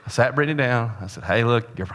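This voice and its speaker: Guy pastor preaching, jokey storyteller, goes loud then real quiet, echo of a big church hall. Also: mid-range voice, fast. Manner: storytelling with humor, swings between loud and hushed. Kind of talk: sermon. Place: church sanctuary.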